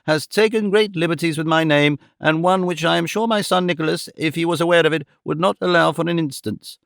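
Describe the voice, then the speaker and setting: A man's voice: on the high side, a little fast, creaky, a bit bright, no room sound, studio quality. A man voicing a flustered, easily offended genteel mother in an audiobook reading. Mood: indignant. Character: flustered genteel middle-aged mother, indignant.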